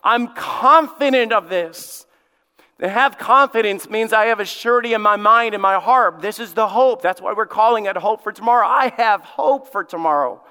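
A man's voice: high voice, sharp tone, smooth. Emphatic man preaching in a reverberant church. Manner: emphatic preaching with dramatic pauses and repetition. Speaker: lead pastor. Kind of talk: sermon. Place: church sanctuary.

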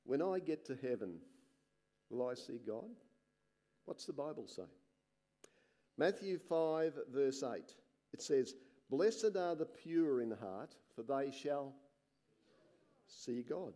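Reading scripture as he preaches, the man takes it slowly and earnestly, his tone sinking soft and deep at the close of each line. Excited, reflective comments come between the passages.

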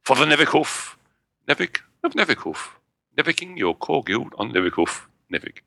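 A man's voice: medium pitch, sing-song, moderate pace, gravelly, bright, forceful tone, no echo. A man co-hosting a gaming podcast in casual chat, playful and joking, correcting himself as he reads. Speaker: podcast co-host. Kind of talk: casual chat, reading listener email.

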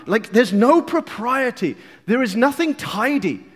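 A high-pitched English man preaches with fervor, dropping to near-whispers and then rising to loud outbursts. He teases his congregation with quick asides, and his voice rings out with a long reverb, as in a large church hall. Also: expressive, slightly rough. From England. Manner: passionate, swinging from hushed to loud outbursts. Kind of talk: sermon.

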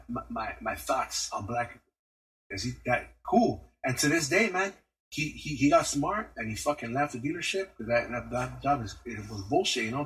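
A man's voice: medium pitch, fairly bright tone, husky, rough recording. A man telling a story in a casual podcast rant, heavy on slang and cursing. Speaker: podcast host.

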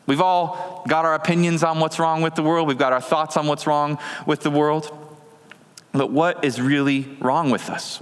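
A man in his thirties, a pastor preaching a sermon in an earnest, measured way with slow deliberate phrasing. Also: mid-range voice. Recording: long reverb of a large hall.

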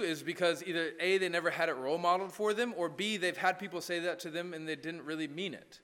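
A man's voice: on the high side, fast talker, a bit bright, big-room sound. A man preaching a sermon as pastor, talking conversationally and tossing in frequent "right?" asides. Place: church.

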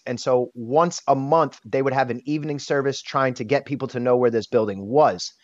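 A thirty-something man with a mid-range voice, guesting on a podcast, opens up about a personal story. He's blunt and emotional, with casual swearing and many restarts, in a dull, dry, lo-fi recording without echo.

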